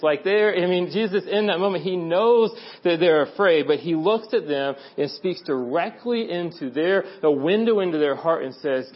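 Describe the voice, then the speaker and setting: A man's voice: a little high, moderate pace, few pauses. Conversational young man preaching, lo-fi. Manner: conversational, animated storytelling with quoted voices. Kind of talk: sermon. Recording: dull lo-fi sound.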